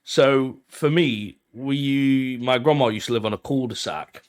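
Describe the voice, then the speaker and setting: A man's voice: medium pitch, a little slow, smooth. A young man, a podcast co-host, chatting casually with jokey, slangy banter. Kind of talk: casual chat.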